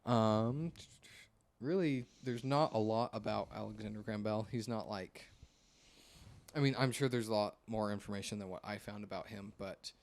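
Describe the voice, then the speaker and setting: A man's voice: on the low side, moderate pace, vocal fry. A young man hosting a casual podcast chat, rambling with many fillers and hesitations. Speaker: podcast host.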